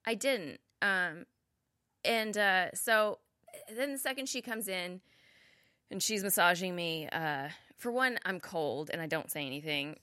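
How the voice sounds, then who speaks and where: A woman's voice: lowish voice, animated, measured pace, bright, forceful tone, no echo, clean studio sound. A woman guest telling a rambling story in casual chat, hesitant and often laughing. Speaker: podcast guest.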